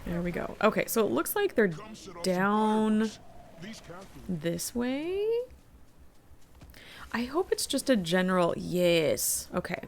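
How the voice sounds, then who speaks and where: A middle-aged woman chatting through a game on a live stream. She thinks aloud, rambles a little and reads the quest text out loud. Her voice sits at an ordinary middle pitch. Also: lively intonation, slow, creaky, pauses often. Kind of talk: casual live-stream commentary.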